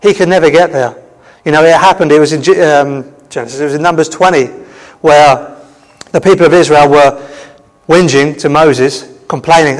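A man preaching a sermon in a conversational, animated storytelling manner. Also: on the high side, normal speed, in a large hall, low-quality recording.

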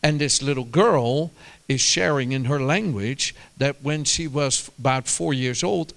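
A man preaches a sermon at a middle pitch. He tells his stories with animation, climbing into loud, high bursts of emphasis and then dropping back to quieter asides. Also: creaky. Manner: animated storytelling, rises to shouts and drops to quiet asides.

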